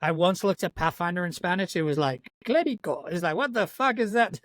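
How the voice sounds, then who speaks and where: A podcast co-host from Yorkshire, a man, putting on an American accent in a slightly high voice. He swears freely and mocks himself through casual banter, and the sound is dry and close. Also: brisk, a bit bright, no echo. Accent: put-on American accent. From Yorkshire, England. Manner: sweary, self-mocking banter.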